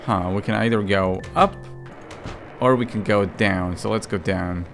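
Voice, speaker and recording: A man's voice: fairly low pitch, unhurried, gravelly, faint music behind. A man doing let's play commentary, joking and reading in-game lines aloud with sudden outbursts. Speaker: gaming commentator.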